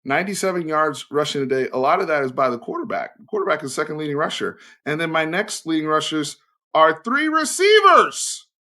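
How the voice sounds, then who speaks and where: A young man with a fairly high voice rants as a sports commentary host. He talks bluntly and swears, and his pitch leaps around. He jumps from loud outbursts to low, pressing asides. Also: brisk. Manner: animated, blunt, curses, swings between loud outbursts and low emphatic asides. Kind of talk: opinionated fan commentary.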